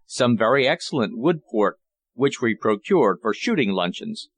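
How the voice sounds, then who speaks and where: A man voicing a formal, respectful older butler in an audiobook, speaking lower and softer than his narration. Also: very animated, normal speed. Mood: deferential. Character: deferential older male English butler.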